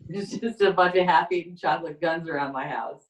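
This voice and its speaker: A woman doing a stand-up comedy set with a rambling, halting deadpan delivery, often trailing off and restarting. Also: low voice. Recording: echoey room, far from the mic.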